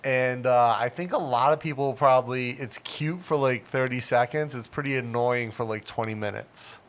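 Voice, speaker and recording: A man's voice: medium pitch, normal speed. A middle-aged man hosting a casual livestream, chatty and rambling, with many fillers. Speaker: livestream host.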